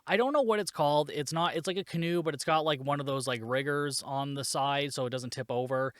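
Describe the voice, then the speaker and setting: A man's voice: fairly high pitch, a little fast, no echo, clean studio sound. A man hosting a solo movie podcast, recapping the plot in a sarcastic, swearing, casual way. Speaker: podcast host reviewing a movie.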